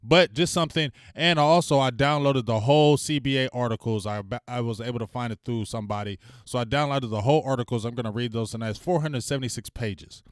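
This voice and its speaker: Slangy, smooth-voiced male stream host. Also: medium pitch, quick pace, few pauses, dry recording, studio quality. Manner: loose, slangy, venting with loud shout-outs. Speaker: sports talk stream host. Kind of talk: casual livestream chat.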